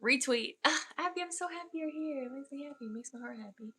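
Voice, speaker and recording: A woman with a fairly high, bright voice leads an energy healing session on a livestream. She guides listeners slowly and softly through the body, then chats affectionately with viewers. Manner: soft, slow guided meditation delivery; effusive, affectionate chat with viewers.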